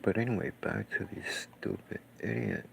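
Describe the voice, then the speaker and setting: Gravelly low-voiced man ranting profanely. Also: normal speed, fairly bright tone, a little hiss or hum, rough recording. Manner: profane, scornful, rambling. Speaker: painter. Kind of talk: casual ranting commentary while watching clips.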